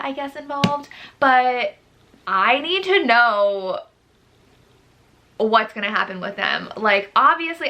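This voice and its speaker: Young woman, book vlogger, bright tone, animated, exasperated, gushy. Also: a little high. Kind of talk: casual book review vlog.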